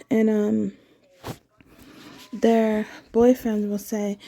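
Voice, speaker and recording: A woman's voice: mid-range voice, level tone, slow, pauses often, dark tone. A woman talking in a casual, meandering personal monologue, candid and often correcting herself mid-sentence.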